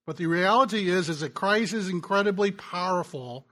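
Male pastor, sermon delivery, conversational storyteller, somewhat high-pitched, stumbles and restarts. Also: moderate pace. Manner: conversational storytelling, drops soft and quiet in tender moments; frequent restarts and stammers. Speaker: pastor and ministry teacher.

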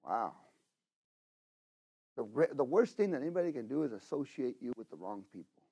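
A middle-aged man preaching a sermon, talking straight to the congregation and swinging between loud exhortation and hushed asides. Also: mid-range voice, sing-song, normal speed, gravelly, slightly rough. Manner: talks to the congregation directly, with frequent "you know?" and "okay?".

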